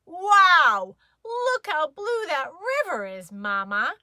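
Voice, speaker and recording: A woman doing a loud, amazed storybook dad. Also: very high-pitched, sing-song, slow pace, no echo, studio quality, pitched above the performer's own voice, full character voice.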